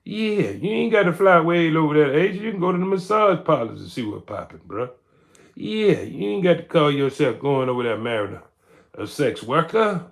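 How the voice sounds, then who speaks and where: A man hosting a livestream rants in casual commentary, emphatic and repetitive, tagging lines with "man." His fairly high, gravelly voice is animated and moves at normal speed.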